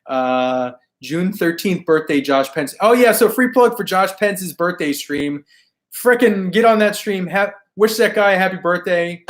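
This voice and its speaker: A man hosting a live stream, his voice going hoarse as he loses it. He sits a little higher in pitch than most men and keeps things laid-back and slangy, chatting with viewers and laughing easily between comments. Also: measured pace. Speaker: toy collecting live stream host.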